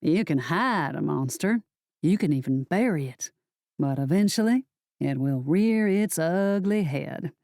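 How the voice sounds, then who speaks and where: A gloating male sorcerer , put on by a woman reading an audiobook, drawls his taunts in a low, unhurried voice. The tone is mellow and dry, each word laced with mockery. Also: expressive, dry recording. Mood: smug. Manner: slow, low and mocking. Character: smug scheming male sorcerer villain.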